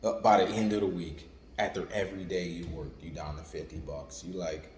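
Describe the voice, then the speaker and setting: A man delivers an informal sermon in a loose, conversational way, circling back to the same phrases and leaning on "like" and "you know what I'm saying". His voice sits on the lower side. The recording rings with a long hall reverb over a faint room hum. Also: little pitch movement, brisk, darkish tone. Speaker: preacher.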